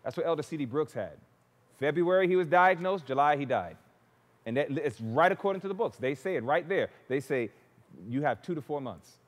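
Guy preaching a sermon, lively voice jumping all over, big church echo. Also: fairly high pitch, fairly quick. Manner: animated storytelling, acting out quoted people. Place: church sanctuary. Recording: long church reverb.

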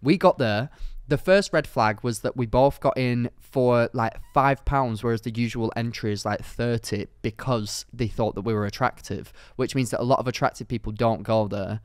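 A young man, telling a long, winding story to his co-host. His voice sits at an ordinary pitch and sounds close and dry, with no room around it. He rambles, leans on "like", and gets animated as the tale builds. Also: moderate pace, few pauses, clean tone, no room sound. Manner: rambling, animated storyteller with frequent "like" fillers and laughs. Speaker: podcast co-host. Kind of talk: casual storytelling chat.

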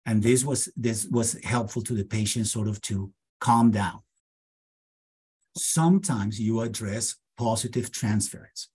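A man in his late fifties, a psychiatry lecturer, talks through clinical case examples in a measured, deliberate way. He slows down for emphasis. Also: fairly low pitch, a little mellow, breathy edge. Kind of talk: academic lecture with case vignettes.

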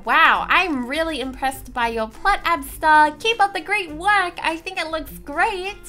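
A young woman hosts a gaming video with casual, excitable commentary, gasping and gushing over what she sees. Her voice sits high and sounds bright and sharp. Faint background music plays under her talk. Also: a little slow, hardly any pauses. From Australia. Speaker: gaming channel host.

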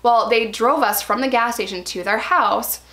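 A woman in her thirties tells a story straight to the camera. Her voice sits a little high, and she talks in a loose, chatty way full of fillers. She springs into a higher voice whenever she acts out what someone said. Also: normal speed. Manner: animated, acts out quoted lines in a raised voice. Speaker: vlogger. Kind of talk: casual personal storytelling.

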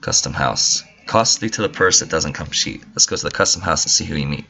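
A man reading out the lines of an adult male painter who guides the player in a game, flatly and without an accent. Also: very deep voice, a little fast, gravelly, faint music behind, full character voice. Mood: instructive. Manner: flat reading, no real accent.

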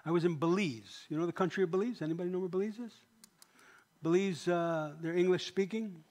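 A man's voice: high voice, brisk, darkish tone. A man, a pastor, preaching a sermon in a church, emphatic and often asking the congregation questions.

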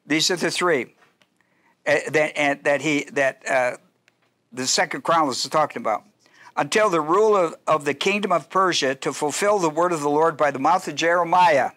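A man in middle age teaches scripture to a class in a loose, talky lecture, circling back and checking in with his listeners. His voice sits a bit high for a man and has a bright, forward edge. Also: moderate pace. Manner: conversational teaching with asides and restarts. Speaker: pastor. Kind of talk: Bible study lecture.

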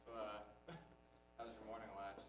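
Lowish man, far off in a noisy room. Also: flat delivery, brisk. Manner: casual, laughing small talk. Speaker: volunteer from the congregation. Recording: distant noisy mic in a roomy church.

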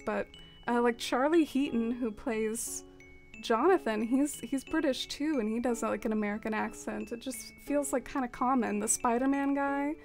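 A young woman live streaming a game, chatting casually with her viewers in a soft, rambling way full of fillers and trailing thoughts. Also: on the high side. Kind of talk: casual stream chat while playing a game.

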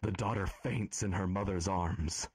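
Low-voiced guy narrating an rpg scene, slow and solemn, very dry sound. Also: a little mellow, breathy edge, no room sound. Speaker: game master. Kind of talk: dramatic scripted narration.

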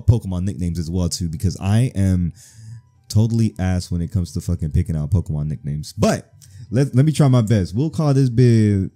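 A man's voice: deep voice, mellow. A man giving joking, slangy, profane let's-play commentary as a gaming channel host. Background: faint game music.

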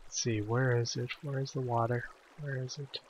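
A man talking quietly to himself as he plays a video game, in a self-deprecating manner. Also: mid-range voice, little pitch movement, normal speed, slight background noise. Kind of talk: let's play commentary. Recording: dull lo-fi recording.

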